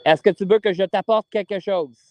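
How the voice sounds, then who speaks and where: A man, slowly asking spirits questions during a ghost hunt in a cemetery. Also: sits high, no room sound, dull audio. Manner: slow, coaxing questions with long pauses. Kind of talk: paranormal investigation, talking to spirits. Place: cemetery at night.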